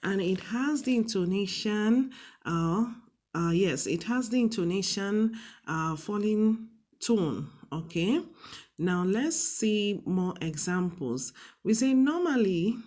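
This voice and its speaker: Slow, patient woman teacher. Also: mid-range voice, lively intonation, mellow. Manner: slow, patient, repeats "okay?" and "all right?". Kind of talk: classroom lesson on TV.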